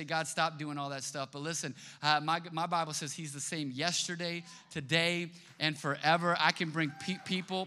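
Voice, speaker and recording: A man preaching from a church stage, his voice high and strikingly bright. He tells his story in an animated way, acting out the voices he quotes, while a long reverb trails through the large hall. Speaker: pastor. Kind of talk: sermon. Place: church sanctuary.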